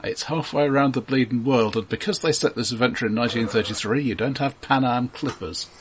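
A man's voice: mid-range voice, brisk, slight background noise. A man running a tabletop game as game master, often repeating his words as he explains.

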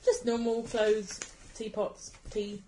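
A woman's voice: fairly high pitch, level tone, slow, roomy sound, noisy background. A woman chatting casually as a player in a tabletop game, narrating her actions.

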